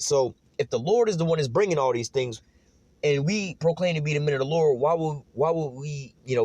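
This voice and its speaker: A man delivers a fervent, slang-heavy street sermon at a quick clip, dropping curses as he goes. His voice sits dry and close, with no room around it. He keeps checking in with "you know what I'm saying" and rises into loud, high-pitched shouting when he gets fired up. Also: no echo. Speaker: preacher.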